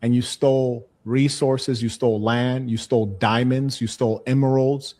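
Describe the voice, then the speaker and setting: A man's voice: mid-range voice, steady tone, moderate pace, a little mellow. A man arguing insistently and repetitively, lecturing and refusing to be interrupted. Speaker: speaker in a played live clip. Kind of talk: heated argument.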